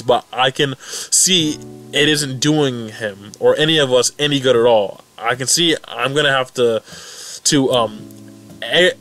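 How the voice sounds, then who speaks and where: A young man casually recapping and reacting to a webcomic update, rambling and excitable with many restarts. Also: medium pitch. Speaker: fan recap vlogger.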